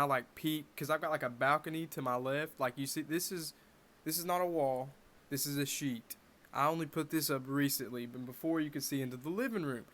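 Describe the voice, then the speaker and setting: A young man in his bedroom telling a personal story to camera in a casual, animated way with wry asides. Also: a little high. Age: young adult. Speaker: vlogger.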